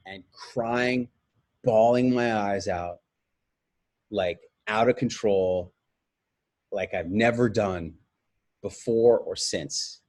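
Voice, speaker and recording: Lower-voiced man telling a candid personal story. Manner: candid, rambling, self-correcting. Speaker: webinar host.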